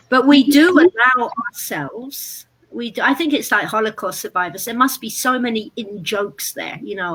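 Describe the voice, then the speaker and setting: Casting note: British woman, bright, fairly high voice, dry wit, blunt delivery. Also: lively intonation, moderate pace, few pauses, slightly rough, poor audio. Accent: British English. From Britain. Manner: dry, blunt, darkly humorous. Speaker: guest speaker. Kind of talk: interview on stage. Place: live event before an audience.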